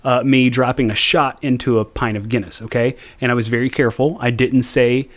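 A man from the United States hosts a casual podcast and tells his story with animated, profane energy. He talks in a mid-range voice and often swears. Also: medium pitch, fairly quick. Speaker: podcast host.

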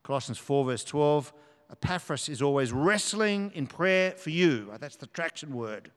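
A man's voice: on the high side, lively intonation, a little slow, clear, resonant tone. A man preaching a sermon in a church, earnestly reading scripture aloud with emphasis. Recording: long hall reverb.

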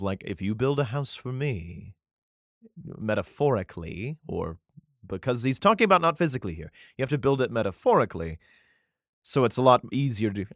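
A man's voice: mid-range voice, no echo, studio quality. A man reading Bible verses aloud in a solemn tone, breaking off for irreverent, profane comic commentary. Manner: mixes solemn archaic reading with crude jokes; laughs often, profane. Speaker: scripture reader and commentator.

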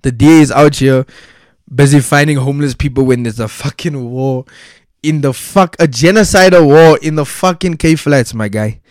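A man's voice: on the high side, normal speed, darkish tone, dry recording, clean studio sound. Profane South African man ranting. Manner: profane, heated, slangy rant. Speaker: commentator. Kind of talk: casual solo commentary.

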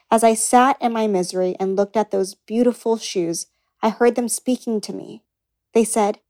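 A woman reading a first-person memoir aloud as an audiobook narrator, in a measured, earnest way. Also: a little high, a little mellow.

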